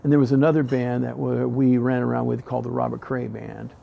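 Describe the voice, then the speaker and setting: A middle-aged blues singer and harmonica player tells a casual story in a medium-pitched, slightly fast voice with vocal fry, captured in narrow, tinny audio. He's animated and acts out the voices of the people in his tale.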